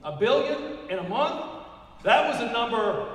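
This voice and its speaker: High-voiced older man preaching in an echoey hall. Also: lively intonation, unhurried, fairly bright tone. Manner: emphatic, punchy, repeats key numbers. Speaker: motivational speaker. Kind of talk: motivational speech to a live audience. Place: large hall. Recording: echoey hall recorded from far off.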